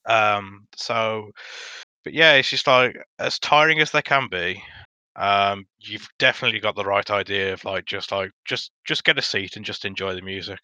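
A man as a podcast guest in casual chat, earnest and halting, full of fillers and restarts. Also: on the low side, sharp tone, no room sound, muffled recording.

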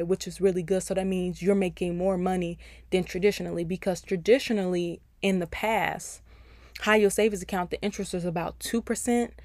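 A woman's voice: mid-range voice, a little mellow, no room sound, studio quality. A woman hosting a personal finance podcast, giving advice in a chatty, encouraging way and speaking straight to her listeners. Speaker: podcast host.

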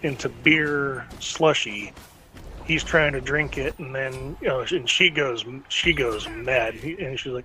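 Man, slow and rambling, recaps an episode over a faint hiss; acts out lines. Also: medium pitch, bright, forceful tone, poor audio. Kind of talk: casual chat recapping a cartoon episode.

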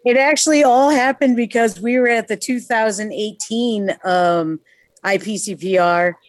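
A woman's voice: a little high, steady tone, measured pace, no room sound. A woman from New York, a guest on a talk show, telling casual stories bluntly and swearing freely. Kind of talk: casual storytelling chat.

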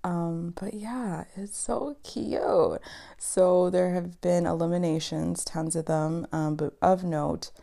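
A young woman from East Africa chats through a TV recap in a low, gravelly voice. She is talkative and animated, laughing often and filling pauses with ums. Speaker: podcast host. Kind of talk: casual chatty TV recap monologue.

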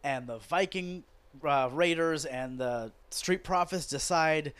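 A man hosting a podcast, ranting sarcastically and profanely about wrestling in a casual, animated way. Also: fairly high pitch, a little slow, clean tone, no echo. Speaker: podcast host.

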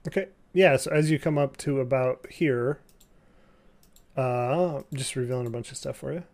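A man narrating a tabletop game as game master, halting and full of fillers and restarts. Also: medium pitch, darkish tone.

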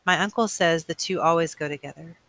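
A man's voice: on the high side, a little fast, sharp tone, no echo. A man reading as a dreamy teenage girl. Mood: musing.

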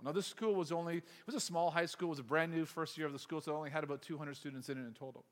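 A man's voice: a little high, very fast, hardly any pauses. A man who is a youth pastor, telling a story in a sermon and acting out the voices of the people in it. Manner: animated, acts out quoted voices. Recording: long hall reverb.

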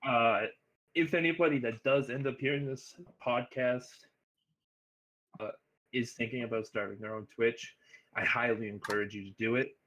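A man's voice: medium pitch, steady tone, moderate pace, a bit bright, rough recording. A man talking earnestly as a streamer guest on a casual podcast, often restarting his sentences.

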